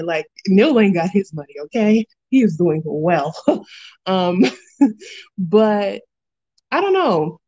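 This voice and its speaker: A woman's voice: mid-range voice, slow pace, pauses often, slightly rough. Slangy woman chatting about a tv show, laughs a lot, kinda dull lo-fi sound. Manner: animated, slangy, laughs often. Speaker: reality TV recap host. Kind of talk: casual chat.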